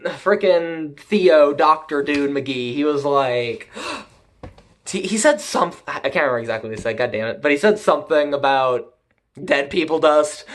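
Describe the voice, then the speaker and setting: A man's voice: a little high, fairly bright tone. A man giving a rambling, profane, casual recap and review of an anime episode, laughing often.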